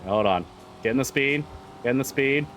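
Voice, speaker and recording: A man's voice: mid-range voice, moderate pace, a bit bright, a little hiss or hum. A man streaming a driving game live, chatting casually, swearing and repeating himself as he gets frustrated.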